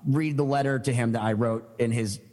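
A man's voice: medium pitch, fairly even intonation, brisk, darkish tone, in a large hall. A man telling stories as a podcast guest, eager and rambling, with many fillers and restarts. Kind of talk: casual storytelling chat.

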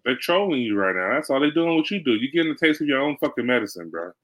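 A man's voice: medium pitch, very animated, fast, a bit bright, low-quality recording. A man co-hosting a casual sports podcast, teasing his partner in easygoing, profane banter. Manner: laid-back, teasing banter. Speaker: podcast co-host.

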